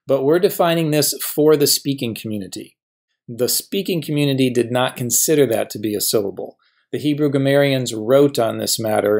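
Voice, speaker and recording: A man's voice: mid-range voice, darkish tone. Patient man teaching a grammar lecture. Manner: patient, stretches out example words slowly. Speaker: professor teaching biblical Hebrew.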